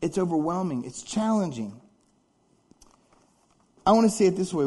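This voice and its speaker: A man's voice: sits high, lively intonation, normal speed, dark tone, husky. A man preaching a sermon in a conversational, dramatic way, full of rhetorical questions. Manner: dramatic, acts out congregants' complaints. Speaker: pastor.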